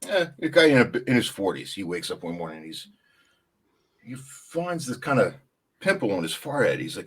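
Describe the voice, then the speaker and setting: A man's voice: medium pitch, lively intonation, brisk, breathy edge. A man telling a long dirty joke in a loose, swearing casual style over a video call. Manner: loose, swearing, laughing storyteller. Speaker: comedian guest.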